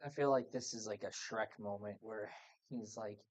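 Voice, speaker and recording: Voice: mid-range voice, moderate pace, a little mellow. A player in a tabletop game, chatting in a laid-back, joking way. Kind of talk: casual tabletop game chat. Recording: dull lo-fi sound.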